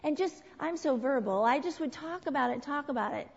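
A middle-aged woman leading a church parenting class. She talks in an animated way, asks the group questions and acts out what people said. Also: sits high, fairly quick, creaky. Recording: dull lo-fi sound with long hall reverb.

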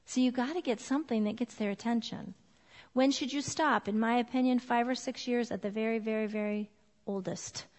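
Middle-aged woman, slightly high voice, leading a parenting class; chatty and earnest, hammering points with repeats, in a hall with long reverb. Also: darkish tone. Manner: conversational, earnest, emphatic repetitions. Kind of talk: informal teaching talk to a group.

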